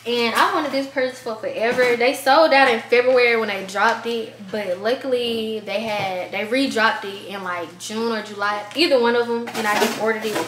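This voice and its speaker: A woman's voice: on the high side, fairly even intonation, normal speed, few pauses. A twenty-year-old woman vlogging in a chatty, gushing way, often calling her viewers y'all. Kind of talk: casual vlog chat. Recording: echoey room with background noise.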